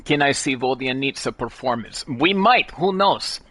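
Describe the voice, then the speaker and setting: An actor playing a curious young man in a game cutscene, speaking in halting, broken English with dropped articles. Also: mid-range voice, lively intonation, sharp tone.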